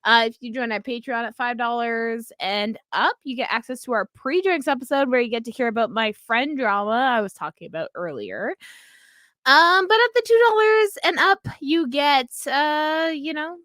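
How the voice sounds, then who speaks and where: A high, bright-toned woman in her thirties co-hosts a casual podcast. She rambles, swears freely and keeps breaking into giggles. Her voice is close and dry. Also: lively intonation, moderate pace, no room sound. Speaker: podcast co-host. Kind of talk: casual chat.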